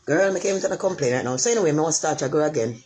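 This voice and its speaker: A woman's voice: low-pitched, animated, racing, darkish tone, slight background noise. A middle-aged woman with a Jamaican accent, telling her life story in casual patois and repeating phrases for emphasis.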